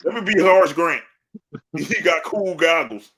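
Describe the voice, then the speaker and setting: A man holds forth in loose, laughing sports banter and ribs people with gusto. His voice sits a little high and rings bright and forceful. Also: moderate pace, breathy edge. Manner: animated, laughing, trash-talking. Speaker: podcast co-host.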